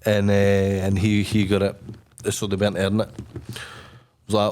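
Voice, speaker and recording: A young Scottish man, a podcast guest, telling a wild story in a blunt, sweary, animated way. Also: on the low side, normal speed. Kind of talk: casual storytelling.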